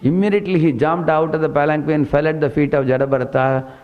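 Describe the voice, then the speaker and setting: A man's voice: fairly high pitch, steady tone, quick pace, narrow, tinny audio. A man preaching a storytelling sermon, dotting his telling with "hmm" and questioning "huh?" asides.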